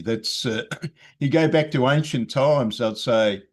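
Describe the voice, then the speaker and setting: A man joining an online discussion, talking casually and haltingly with many fillers and some throat clearing. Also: mid-range voice. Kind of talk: casual chat.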